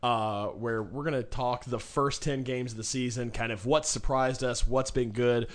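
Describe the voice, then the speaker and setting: A man's voice: medium pitch, steady tone, normal speed. A man co-hosting a casual sports podcast, talking in a loose, joking, rambling way with lots of fillers. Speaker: podcast co-host.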